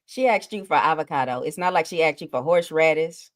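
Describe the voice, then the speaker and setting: A woman speaks in a slightly low voice and states her opinions with force. She sits in as a guest co-host in casual podcast chat. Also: quick pace. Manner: emphatic and opinionated.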